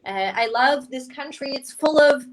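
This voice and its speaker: A young woman from Canada doing a stand-up comedy set for an online stream, with a deadpan, self-mocking delivery. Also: high-pitched, unhurried, low-quality recording.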